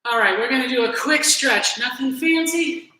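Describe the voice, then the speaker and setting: A woman leading a virtual beginner gymnastics class, encouraging kids through warm-up drills, out of breath as she goes. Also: sits high, moderate pace. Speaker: gymnastics coach. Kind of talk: virtual fitness class instruction. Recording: very echoey room, faint noise.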